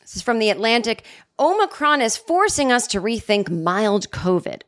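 A woman in her forties hosting a comedy podcast, talking in a rambling, sarcastic monologue full of restarts, jumping up in pitch for mock quotes. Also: very animated, normal speed, fairly bright tone. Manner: rambling, sarcastic, self-interrupting, with many restarts. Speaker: podcast host.

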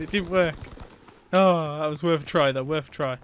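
A British man giving casual, excitable gameplay commentary as a gaming channel host, bantering with himself. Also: on the high side, normal speed. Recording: game gunfire and noise behind.

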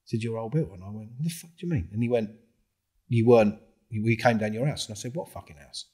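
A middle-aged man, a podcast guest telling a story in a casual, animated way, swearing freely and acting out the dialogue. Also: fairly low pitch, fast talker, breathy edge.

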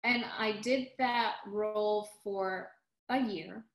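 A woman in casual interview chat, recounting her stage career with lively restarts. Her voice sits in a middle pitch. The room adds a noticeable echo. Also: slow. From United States. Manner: animated storyteller, acts out quotes, restarts often. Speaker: guest, musical theater actress.

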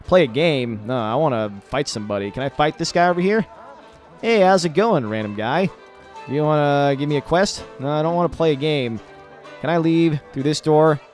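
A young man casually commenting over his own gameplay, chatty, swearing and reacting loudly to the fights on screen. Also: a little high, lively intonation, normal speed. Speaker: gamer doing a let's play. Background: game music and gunfire.

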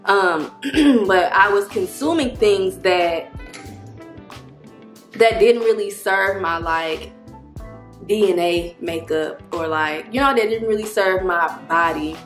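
A woman's voice: mid-range voice, takes it slowly, pauses often, soft background music. Chatty woman vlogging in an echoey room. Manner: chatty, rambling, addresses viewers as y'all. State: slightly out of breath. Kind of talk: casual talking-head vlog.

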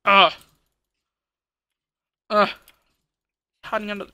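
Bright, dry-voiced let's play host. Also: medium pitch, measured pace, long pauses, dry recording. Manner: self-deprecating, grumbling, thinks aloud; counts out loud while building. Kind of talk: casual gameplay commentary.

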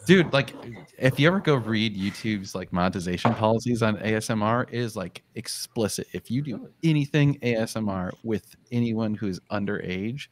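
A young man with a fairly low voice hosts a loose, casual group chat on a livestream. He talks in a relaxed, rambling way and laughs easily. He is recorded in a home studio. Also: normal speed, slight background noise. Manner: laid-back, rambling, laughs often. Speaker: show host.

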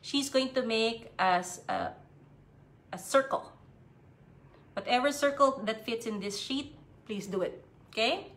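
A woman with a Filipino accent teaching young children a paper craft in a cheerful, slow, sing-song way. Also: a little high, a bit bright. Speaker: preschool art teacher. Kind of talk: live-streamed craft lesson for children. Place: home on a live stream.

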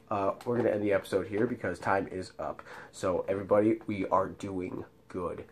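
A young man hosting a let's-play video, rambling through a profane story while he plays. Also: lowish voice. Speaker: gaming channel host. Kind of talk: casual let's-play commentary.

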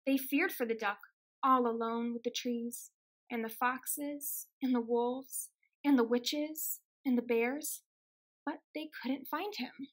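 A woman reads a children's picture book aloud in a gentle, expressive storytelling voice. Her pitch sits high. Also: slow. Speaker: extension outreach reader.

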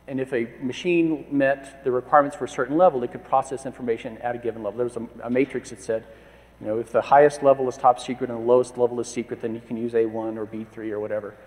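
A man in his fifties giving a conference presentation, telling anecdotes with wry asides. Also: mid-range voice. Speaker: conference speaker. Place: conference hall. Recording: long reverb of a large hall.

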